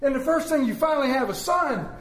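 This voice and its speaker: High-voiced pastor preaching with humor. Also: male voice, lively intonation, fast, fairly bright tone, reverberant. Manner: storytelling with humor, call and response. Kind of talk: sermon.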